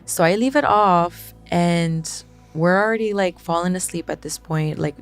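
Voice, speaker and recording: Gravelly-voiced woman telling a story. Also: on the low side, normal speed, faint music behind. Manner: animated, acts out quotes, swears. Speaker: guest. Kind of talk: casual storytelling.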